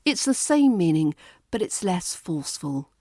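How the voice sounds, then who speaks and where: A woman with a British RP accent leads a scripted accent lesson. She speaks at an unhurried pace, a little low in pitch, and voices example phrases with deliberate, clear intonation. The recording is dry and close. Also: very animated, darkish tone, no echo. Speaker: British accent teacher and podcast host.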